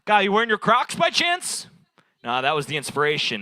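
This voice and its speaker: With a sing-song lilt and a sharp tone, a young man's mid-range voice moves a little fast in a dry recording. He's improvising rambling crowd-work stand-up at a bar's open mic night, taking audience suggestions and chuckling at his own jokes.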